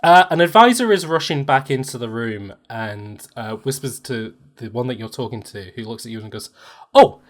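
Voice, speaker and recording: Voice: mid-range voice, animated. Casual tabletop game master, loose and laughing, mid voice. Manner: chatty, laughing narration with quick asides.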